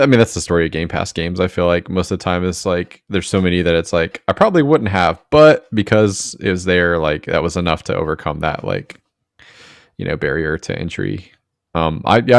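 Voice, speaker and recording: A man's voice: low-pitched, vocal fry, no room sound, clean studio sound. A man hosting a casual podcast chat, chatty and teasing as he asks his co-hosts questions.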